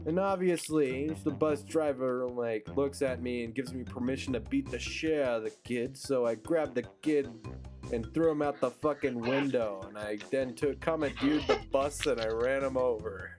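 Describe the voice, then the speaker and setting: A man's voice: mid-range voice, moderate pace. Profane ranting young man, game music behind. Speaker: gaming channel host. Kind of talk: casual gameplay chat.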